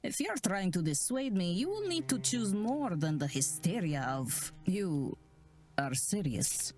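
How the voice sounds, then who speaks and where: A woman's voice: mid-range voice, sing-song, soft background music. A grave, haunted woman. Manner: slow, grave, hushed delivery. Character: solemn woman obsessed by a cursed vase. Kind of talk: game character dialogue.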